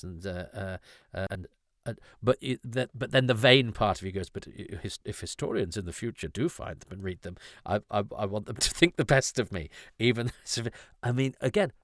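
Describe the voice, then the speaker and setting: A man's voice: fairly low pitch, dry recording, clean studio sound. A middle-aged man hosting a podcast, talking in a thoughtful, digressive way with frequent restarts. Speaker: podcast host. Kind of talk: conversational podcast discussion.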